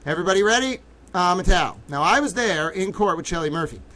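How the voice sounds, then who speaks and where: A man hosting a livestream, talking in an excitable, theatrical way that swings from low muttering to loud outbursts. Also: fast. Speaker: livestream host. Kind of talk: livestream commentary.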